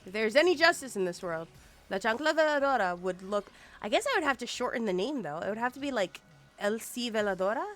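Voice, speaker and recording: A woman's voice: fairly high pitch, fairly quick, faint music behind. A woman streaming a game, chatting casually and playfully, humming and singing little snippets as she plays. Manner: animated and playful, hums and sings snippets. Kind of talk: casual live-stream chat while gaming.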